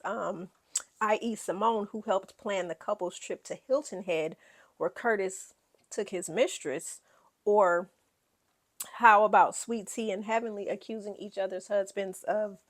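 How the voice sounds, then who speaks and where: A woman hosting a casual reality TV recap, sassy and animated, laughing often as she dishes gossip. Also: mid-range voice, measured pace.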